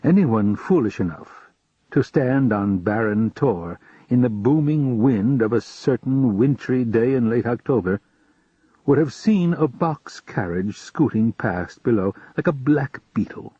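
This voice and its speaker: A man narrating a fantasy audiobook in a calm, measured storytelling voice. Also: mid-range voice, slightly rough, dry recording. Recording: dull lo-fi home recording.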